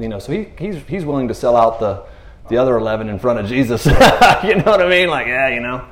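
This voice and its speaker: A man talking casually about scripture in a laid-back, slangy way, retelling stories with lively asides. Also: mid-range voice, quick pace. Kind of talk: casual faith talk. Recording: roomy echo.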